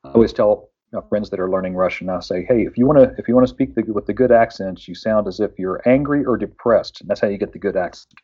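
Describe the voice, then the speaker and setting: A man's voice: fairly low pitch, quick pace, few pauses, mellow, breathy edge, lo-fi sound. A man from West Virginia chatting casually on a radio show, rambling with lots of fillers and restarts.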